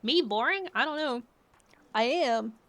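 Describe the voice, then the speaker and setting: Playful, giggly streamer woman, lively pitch. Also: a little slow, no room sound. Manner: giggly, playful, often laughing and reacting to chat. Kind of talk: casual chat with live chat.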